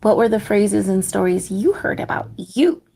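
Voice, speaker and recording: Gentle woman with vocal fry. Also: medium pitch, lively intonation, normal speed. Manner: gentle, warm, laughs softly at herself. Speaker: podcast host. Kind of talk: guided meditation and reflective talk.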